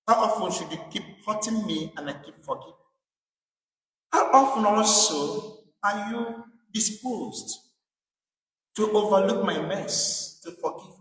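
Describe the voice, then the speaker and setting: A priest delivers a sermon in a high, bright voice, pressing his point with repeated rhetorical questions. He sounds distant from the mic, and the church carries a long, echoing reverb. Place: church in England.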